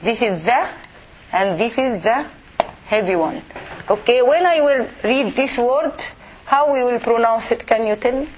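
A woman with as her leads a pronunciation lesson and drills each syllable patiently. Her voice sits high and she speaks slowly. A faint noise runs under the recording. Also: lively intonation, rough recording. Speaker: Arabic teacher. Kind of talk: language lesson for women.

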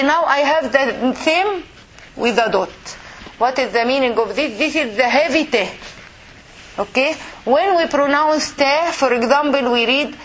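A woman with as her leads a pronunciation lesson and drills each syllable patiently. Her voice sits high and she speaks slowly. A faint noise runs under the recording. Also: low-quality recording. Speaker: Arabic teacher. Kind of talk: language lesson for women.

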